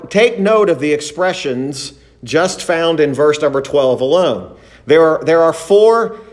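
A man preaching a sermon and reading scripture, slow and deliberate, stressing single words and asking rhetorical questions. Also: a little high.

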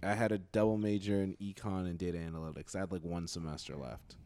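A young man in his twenties, talking in a loose, rambling way and chuckling at his own punchlines. His voice sits at an ordinary pitch and is recorded dry and close, with no room sound. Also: fairly even intonation, quick pace, dark tone, no echo. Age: 20s. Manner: rambling, lots of "like", laughs at own jokes. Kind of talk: casual podcast banter.

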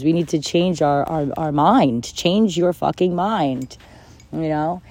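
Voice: medium pitch, takes it slowly, darkish tone. A self-help speaker giving a casual motivational monologue, talking bluntly and repetitively, with frequent swearing and bursts of laughter.

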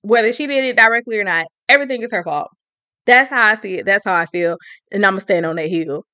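Bright, emphatic woman recapping a story. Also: medium pitch, lively intonation, fast, dry recording. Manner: emphatic, opinionated, slangy.

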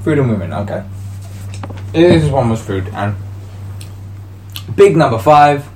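A man's voice: medium pitch, lively intonation, a little slow, mellow. A man in a casual chat among friends, joking and laughing often, using British slang.

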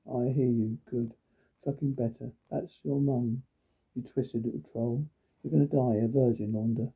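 A man with a gravelly, very raspy voice reads every line of dialogue and each sound cue aloud in a flat, plain manner. His voice comes through a thin, phone-like recording. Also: medium pitch, moderate pace. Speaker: reader of captions and sound cues. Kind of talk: reading aloud all dialogue and sound cues.

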